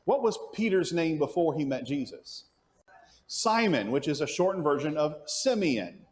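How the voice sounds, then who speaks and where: A man with a fairly high, animated voice teaches an adult Bible class at church at a normal speed. He poses questions to the class and then answers them himself, frequently restarting sentences as he thinks out loud.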